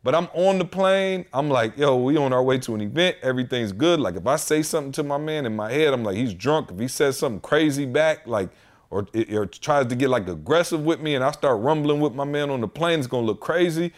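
Man, thirties, podcast co-host, casual storytelling, animated, acts out quotes. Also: mid-range voice, a little fast. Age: 30s. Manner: animated, quotes people in heated voices.

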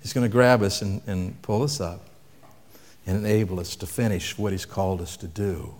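A man's voice: low-pitched, fairly even intonation, moderate pace, darkish tone. A man preaching a sermon in a conversational way, asking the audience questions and dropping his voice for emphasis. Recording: long reverb from a hall.

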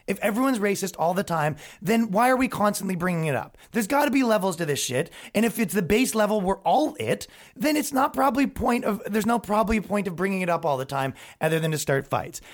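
A man's voice: high voice, animated, fairly quick, hardly any pauses. Male podcast host; loose, profane, sarcastic rant with lots of restarts. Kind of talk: comedic rant.

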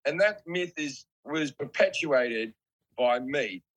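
A man's voice: on the high side, animated, takes it slowly, heavy background noise. A man in his forties with an Australian accent, a comedian guest chatting casually over a video call, laid-back and self-deprecating, swearing offhandedly. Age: 40s. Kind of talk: casual podcast chat.

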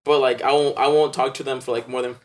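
A man's voice: mid-range voice, little pitch movement, quick pace, background noise. A man guesting on a podcast, joking brashly in casual chat.

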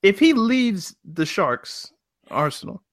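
Animated man in casual football chat. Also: high-pitched, slow pace. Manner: animated, emphatic arguing. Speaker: podcast co-host.

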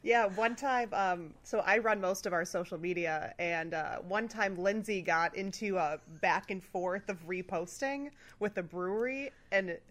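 A woman co-hosting a casual chat, speaking in a relaxed, wry way. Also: medium pitch, unhurried, hardly any pauses.

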